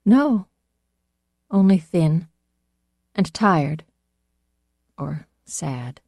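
An audiobook reader voicing a gentle, honest young country girl who gives soft, simple replies. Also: mid-range voice, big pitch swings, drawn-out words, gravelly, no room sound, studio quality, pitched above the performer's own voice, heavily acted. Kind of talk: audiobook character voice.

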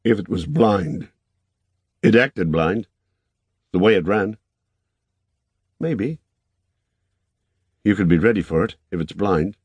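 A man voicing a worn-out, despairing young man who speaks softly and haltingly, in audiobook narration. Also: deep voice, expressive, breathy edge, dry recording, heavily acted. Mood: wary. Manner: soft, halting, under the breath.

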